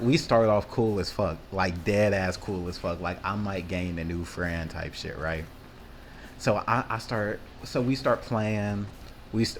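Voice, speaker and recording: A man's voice: sits low, slight background noise. A man telling a loose, profane story in casual rambling style, acting out the quotes with lots of fillers. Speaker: vlogger.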